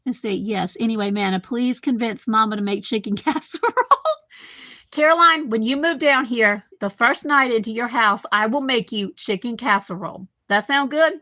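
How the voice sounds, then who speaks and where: A woman's voice: a little high, sharp tone, no room sound. A woman, rambling casually as she hosts a live stream from her home kitchen and chats with viewers by name. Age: 50s. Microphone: computer microphone.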